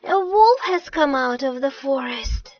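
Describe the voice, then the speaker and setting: A woman voicing a bored, lonely young shepherd boy who turns shrill and cheeky when he cries for help. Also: big pitch swings, extremely slow, a bit bright, no room sound, full character voice. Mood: alarmed. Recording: dull lo-fi dry recording.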